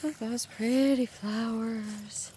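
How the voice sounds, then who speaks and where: A woman's voice: a little high, steady tone, warm tone. A woman chatting to her viewers as she films a walk through a rural valley by the water on her phone. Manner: chatty, talking to viewers while walking. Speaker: vlogger. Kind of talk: casual nature walk vlog. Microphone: handheld phone camera. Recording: outdoor phone recording with nature noise. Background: rushing water, insects and birds.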